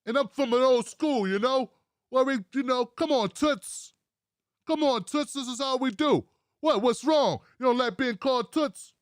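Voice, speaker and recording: A man's voice: very high-pitched, normal speed, no room sound, clean studio sound. Man doing a crude old-school boss. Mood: mock-innocent. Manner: mock-innocent, repeating "what's wrong".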